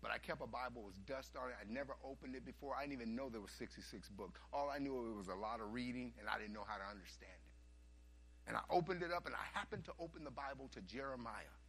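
A man preaching a sermon, telling a story and swinging from hushed asides to loud, animated bursts. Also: medium pitch, fast, breathy edge.

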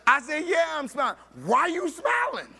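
A man preaching a sermon, telling a story with animated voices for each person and laughing along. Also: extremely high pitch, normal speed, gravelly.

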